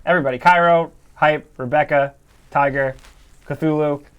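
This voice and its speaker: A man's voice: fairly high pitch, fairly even intonation, normal speed, clean tone, lo-fi sound. A man co-hosting a casual gaming livestream, rambling loosely with lots of fillers as he reads out viewer messages. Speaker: co-host of a gaming news stream.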